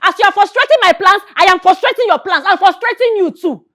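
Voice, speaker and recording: A spiteful scheming aunt. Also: female voice, very high voice, fast, fairly bright tone, dry recording, clean studio sound. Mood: scolding. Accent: Nigerian. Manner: scolding, mocking, switching into Igbo. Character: wicked scheming aunt, middle-aged woman.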